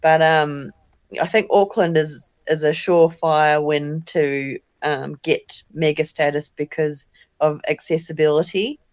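A woman's voice: deep voice, steady tone, measured pace, no echo. A woman from New Zealand with a New Zealand accent, a guest in a casual chat, cheerful and jokey with many fillers.

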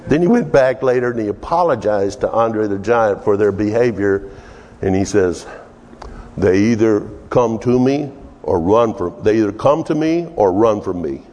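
A middle-aged man from Texas, preaching with lively storytelling and chuckles. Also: lowish voice, normal speed. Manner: animated storyteller, chuckling, acting out voices. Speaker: pastor. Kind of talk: storytelling sermon. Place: church sanctuary. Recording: reverberant church hall.

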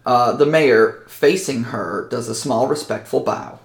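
A man narrates a tabletop game as game master, relaxed and descriptive with many fillers. His voice is gravelly and echoes in the room. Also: mid-range voice, unhurried.

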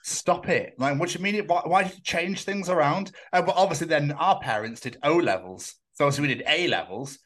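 A man's voice: a little high, expressive, brisk, hardly any pauses, fairly bright tone. A man from England hosting a podcast, chatting casually with lots of swearing and jokes. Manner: sweary, jokey, rambling. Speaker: podcast host. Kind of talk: casual chat.

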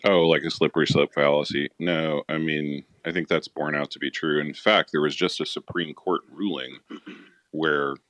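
A man's voice: a bass voice, fairly even intonation, moderate pace, a bit bright, no echo. A man co-hosting a podcast, explaining things plainly in casual chat. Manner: matter-of-fact, explains plainly. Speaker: podcast co-host.

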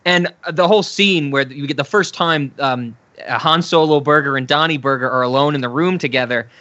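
A man's voice: a little high, normal speed, pushed and bright, no echo, highs cut off. A man co-hosting a casual film podcast, laughing often as he retells scenes. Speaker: podcast co-host.

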